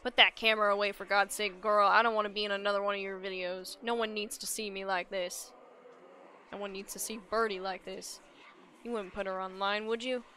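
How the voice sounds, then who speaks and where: A woman voicing a gruff, hot-tempered older male farmer in a game playthrough, with a loud, barking, folksy drawl. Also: medium pitch, flat delivery, fairly quick, a little hiss or hum, natural voice. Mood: pleading. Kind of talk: reading game dialogue aloud.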